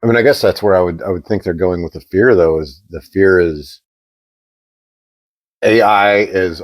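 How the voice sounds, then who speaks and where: A man co-hosting a podcast, chatting casually and telling an animated story, acting out the quoted exchanges. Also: sits low, normal speed, pauses often. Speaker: podcast co-host.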